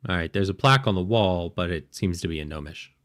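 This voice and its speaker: A man's voice: deep voice, fast, a bit bright, no room sound, studio quality. A man narrating as game master of a tabletop game, loose and rambling with hesitant fillers.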